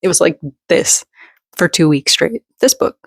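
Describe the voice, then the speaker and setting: In a low, slightly slow voice with vocal fry and a breathy edge, a thirtysomething book vlogger rambles self-deprecatingly from her bedroom floor, a bit out of breath. The recording is dry and studio quality.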